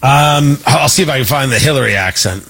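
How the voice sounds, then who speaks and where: A man's voice: mid-range voice, animated, fairly quick, creaky, fairly bright tone, husky. A man hosting a talk show, giving sarcastic, mocking commentary that rambles with restarts.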